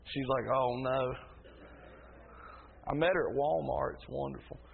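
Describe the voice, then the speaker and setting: Gravelly preacher man in echoing hall. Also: mid-range voice, fairly quick, a little hiss or hum. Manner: emphatic, rising to loud preaching cadence. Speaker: pastor. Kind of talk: sermon. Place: church sanctuary. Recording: tinny phone-like sound in a reverberant hall.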